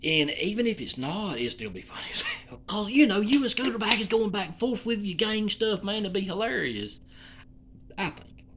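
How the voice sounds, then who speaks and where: Man, Southern Alabama accent, high voice, swooping lively delivery, folksy and profane, rambling comedic monologue. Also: moderate pace, a little hiss or hum.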